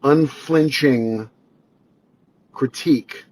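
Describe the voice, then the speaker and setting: A man's voice: medium pitch, extremely slow, a little mellow, low-quality recording. A man, a singer-songwriter and radio host, speaking a conversational, reflective tribute with fillers. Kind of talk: spoken tribute.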